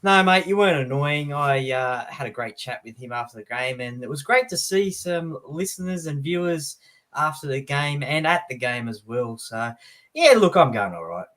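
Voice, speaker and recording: An Australian man on a podcast panel, talking in a relaxed, low-key way. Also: moderate pace. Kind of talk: casual chat.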